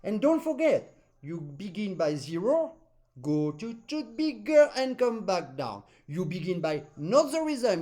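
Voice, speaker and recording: A man coaching an accordion student in a lesson, a native French speaker talking in animated, non-native English and humming musical phrases. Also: sits high, measured pace. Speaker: accordion teacher. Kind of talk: masterclass coaching.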